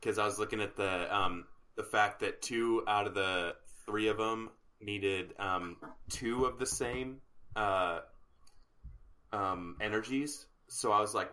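A man in a casual card game chat, halting with many fillers and laughing. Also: on the low side, pushed and bright.

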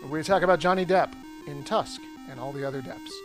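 A man's voice: on the high side, fairly quick, over music. A man co-hosting a podcast in casual chat, throwing in short dry quips. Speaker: podcast co-host.

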